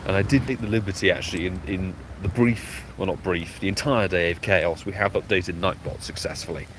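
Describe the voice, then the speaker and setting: A man's voice: deep voice, steady tone, a little fast. Guy live streaming outside, kinda breathless, chatty, says hi to everyone, traffic going by. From United Kingdom. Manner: chatty, greeting viewers by name. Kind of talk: casual live stream chat. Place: outdoors by a road. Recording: clear outdoor traffic noise.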